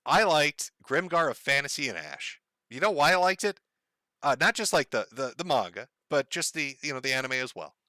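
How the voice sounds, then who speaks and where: A man's voice: fairly high pitch, sing-song, normal speed, bright, forceful tone, no room sound. A man hosting a casual livestream, rambling and swearing and laughing often. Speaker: livestream host.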